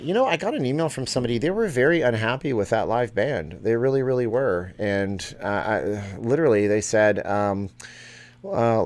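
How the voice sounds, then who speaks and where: A man's voice: on the low side, expressive, quick pace, a little mellow. A middle-aged man hosting a casual live stream, reading out viewer questions from the chat and answering them offhand.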